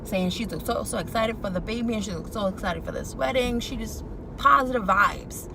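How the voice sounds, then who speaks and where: A young woman whose voice sits on the high side talks at normal speed, giving a sassy, animated take on a reality show episode for her casual vlog. Her recap is colloquial and full of opinions, with vehicle sounds audible in the clear background noise.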